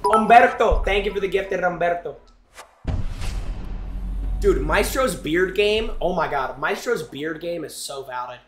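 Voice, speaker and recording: A young man live-streaming, chatting loudly and excitedly to his viewers while he opens game packs. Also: sits high, unhurried, pauses often, reverberant, soft background music. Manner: excitable, loud, chanting and talking to chat.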